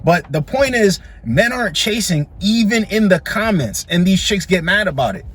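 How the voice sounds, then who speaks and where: A man with a high, husky voice hosts a reaction video. He comments on the clips in a blunt, mocking way, with a casual manner. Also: sing-song, moderate pace, fairly bright tone.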